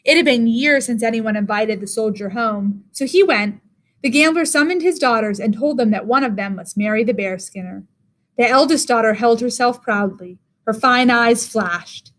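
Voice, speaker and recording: Woman teacher narrating a fairy tale, slightly high voice, measured pace. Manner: measured, expressive. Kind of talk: reading a story aloud.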